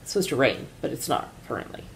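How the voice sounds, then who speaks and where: A woman co-hosting a podcast in casual chat, relaxed and chatty, filling her pauses with "um". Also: rumbling low, vocal fry, a little hiss or hum. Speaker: podcast co-host.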